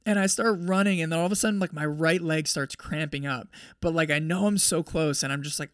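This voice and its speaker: A young man hosts a podcast and tells a race story in a loose, chatty way, full of filler words. His voice sits fairly high for a man, and the sound is close and dry with no room around it. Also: quick pace, dry recording. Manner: animated, heavy use of "like". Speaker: podcast host. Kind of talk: casual storytelling recap.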